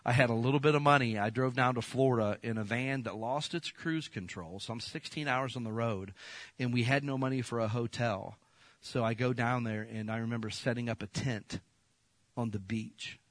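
A middle-aged pastor telling a personal story in a sermon, acting out quotes and rising to loud bursts. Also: male voice, medium pitch, no room sound.

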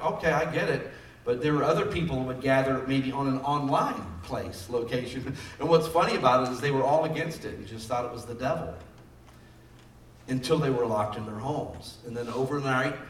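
A man's voice: fairly high pitch, a bit bright, distant mic. A man preaching a sermon in a conversational style, building up emphasis on key phrases. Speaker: pastor. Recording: echoey room, voice from off mic.

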